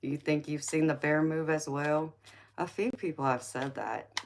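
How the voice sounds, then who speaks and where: Low, unhurried woman, playful and laughing. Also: steady tone, slight background noise.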